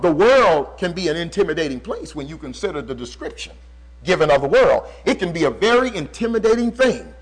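A man preaching a sermon, swinging from loud emphasis to hushed lines and slowing down to stress repeated phrases. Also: a little high, sing-song, poor audio. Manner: preaching with dramatic swings in volume and slow, drawn-out emphasis.

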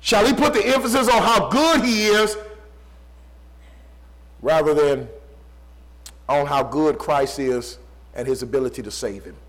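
A male preacher delivers a sermon in a somewhat high voice. He drives home repeated rhetorical questions and swings from loud, emphatic appeals down to hushed, low stretches. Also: lively intonation, a little slow, pauses often, poor audio. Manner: rising to loud emphatic pleas, then dropping low and quiet.

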